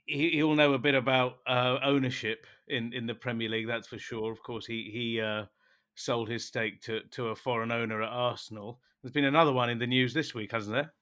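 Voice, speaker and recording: Man, podcast co-host, bright forceful tone, bantering, casual questions. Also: mid-range voice, fairly even intonation, brisk.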